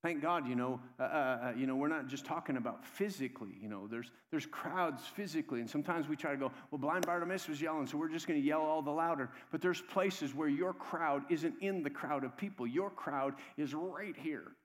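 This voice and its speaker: A man preaches in a church, his voice high for a man. He moves between quiet, low stretches and raised, urgent calls to the congregation. A long reverb trails every phrase. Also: a little fast, hardly any pauses. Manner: swings between hushed low stretches and loud, raised exhortation; conversational, calls out "come on" to the congregation. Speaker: pastor. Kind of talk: sermon. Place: church sanctuary.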